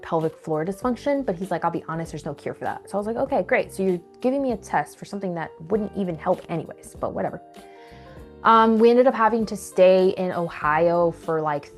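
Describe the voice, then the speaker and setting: A young woman telling a personal story to camera in a candid, animated way, acting out what people said. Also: fairly low pitch. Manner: candid, animated retelling with acted quotes. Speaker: vlogger.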